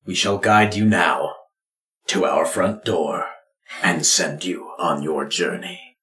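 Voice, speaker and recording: A man voicing a grave, proud lizardfolk clan father who speaks in slow, weighty pronouncements. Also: low voice, sharp tone, pitched below the performer's own voice, heavily acted. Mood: solemn. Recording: roomy echo.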